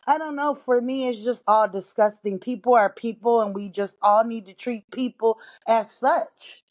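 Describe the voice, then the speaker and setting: A woman's voice: fairly high pitch, normal speed. A woman hosting a podcast, ranting indignantly while slightly out of breath from walking laps in her living room. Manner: indignant, exasperated, talks straight to listeners. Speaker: podcast host. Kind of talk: casual ranting monologue.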